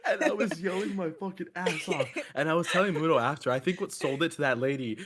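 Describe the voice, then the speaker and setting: A young man in casual chat, excited, swearing and yelling quoted lines as he tells a story. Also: fairly high pitch, quick pace, a loud crowd.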